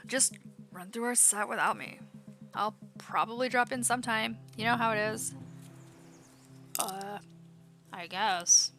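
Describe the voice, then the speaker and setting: A woman's voice: a little high, unhurried, long pauses, faint music behind. A woman streamer reading a game's dialogue aloud in her own casual voice, adding light commentary as she plays. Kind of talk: reading game dialogue aloud while playing. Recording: steady background noise.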